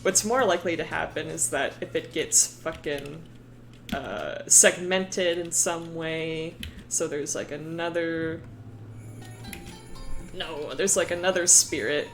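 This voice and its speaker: A woman's voice: deep voice, slow pace, gravelly, music in the background. A woman streaming casually, rambling about her worldbuilding with frequent laughter and swearing.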